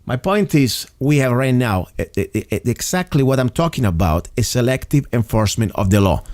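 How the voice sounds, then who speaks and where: A man hosting an interview show, speaking earnestly and haltingly, with frequent restarts and fillers. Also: mid-range voice, expressive, darkish tone, no room sound, studio quality. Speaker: interview host. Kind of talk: opinionated talk show monologue.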